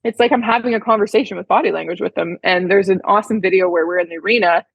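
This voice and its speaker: Chatty husky-voiced woman telling a story. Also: mid-range voice, very fast, dry recording, muffled recording. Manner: chatty, heartfelt, many "like" fillers. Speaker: podcast guest, horse trainer. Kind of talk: casual storytelling interview.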